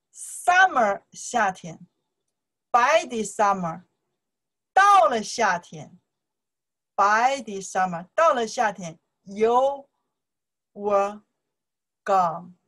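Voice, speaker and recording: A woman's voice: medium pitch, sing-song, extremely slow, long pauses, a bit bright. A woman with a Chinese accent and Chinese as her first language teaches song lyrics, repeating words in broken English mixed with Chinese. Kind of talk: explaining song lyrics in a lesson.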